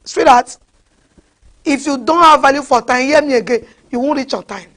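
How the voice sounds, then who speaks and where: A woman preaching a sermon, animated, mixing in pidgin and often asking the crowd "huh?". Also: high voice, moderate pace. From West Africa.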